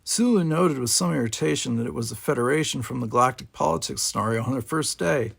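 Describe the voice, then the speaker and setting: A man's voice: mid-range voice, quick pace, vocal fry, a bit bright, husky. A man narrating a novel chapter aloud, putting on voices for the characters. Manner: reads with varied character voices. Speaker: audiobook reader. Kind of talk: fan-fiction audiobook narration.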